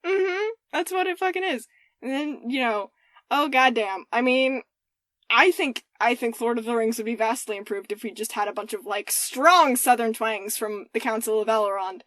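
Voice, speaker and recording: A woman's voice: on the high side, normal speed, a bit bright, no echo, studio quality. A woman from the American South co-hosting a podcast, joking and swearing casually. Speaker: podcast co-host. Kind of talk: casual chat.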